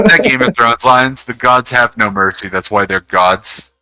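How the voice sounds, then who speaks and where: A man playing a tabletop game who speaks in a hesitant, halting way as he describes his character's actions. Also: medium pitch, bright, forceful tone, clean tone, no room sound, rough recording. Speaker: player. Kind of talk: casual tabletop play.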